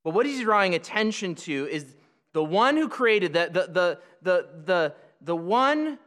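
A man delivers a sermon in a bright, forceful voice pitched a little high for a man. He teaches patiently, slowing down to stress key phrases and sometimes stumbling over restarts. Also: very animated, long reverb tail. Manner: teaching, explanatory, with many restarts and slow emphatic phrases. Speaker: pastor.

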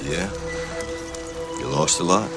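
A man's voice: deep voice, slow. An actor playing a blunt man questioning a wounded woman in a film scene. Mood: gruff, questioning. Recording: film audio with loud score. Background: music.

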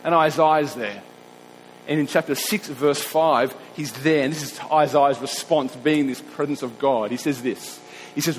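A man preaching a sermon, earnest and emphatic, slowing down to stress the scripture he reads. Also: mid-range voice, big-room sound, a little hiss or hum, poor audio.

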